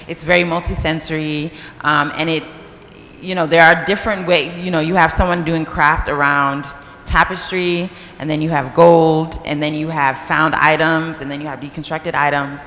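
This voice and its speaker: A woman's voice: deep voice, fairly bright tone. A woman speaking as a founder on a panel in a large hall, thoughtful and reflective, with many fillers. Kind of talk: panel introduction. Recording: long hall reverb, faint noise.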